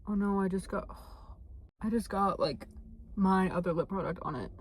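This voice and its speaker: A woman's voice: medium pitch, moderate pace, a little hiss or hum. Bubbly, gushing young woman vlogging. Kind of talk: casual vlog chat to camera. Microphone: phone camera.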